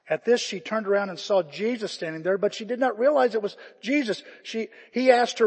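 A man's voice: high-pitched, fairly quick, hardly any pauses, husky. An older man preaching a conversational sermon to his congregation, retelling scripture with feeling. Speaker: pastor. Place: church sanctuary. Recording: long reverb of a church hall.

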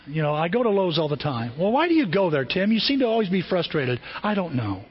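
A pastor preaching a sermon, telling everyday stories in a lively way and often restarting his phrases. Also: high voice, brisk, slightly rough, highs cut off. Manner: storytelling, animated, repeats and restarts phrases.

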